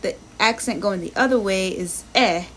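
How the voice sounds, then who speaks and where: Her voice is medium-pitched and fairly bright, moving at a moderate pace, as this woman streams her language practice live. Chatting casually, she thinks aloud, reads lesson text while sounding out words, and welcomes viewers in the chat.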